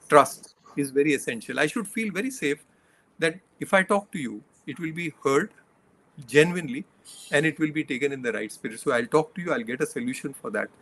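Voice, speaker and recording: A man's voice: a little high, a bit bright. A middle-aged man, a leadership coach, giving earnest interview answers that he builds from examples and numbered points.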